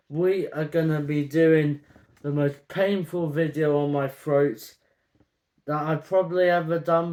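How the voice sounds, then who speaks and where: A football vlogger grades football merchandise in a chatty, opinionated video, talking casually to camera and saying "um" a lot. His voice is on the high side with a darkish tone.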